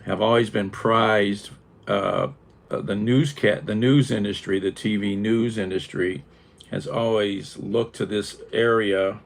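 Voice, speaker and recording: Older guy w a flat northeast ohio accent, gravelly low voice, slow easy talk, sarcastic and chuckly. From Northeast Ohio, USA. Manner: chuckling, wry and sarcastic, rambling asides. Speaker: vlogger chatting with live viewers. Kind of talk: casual live chat.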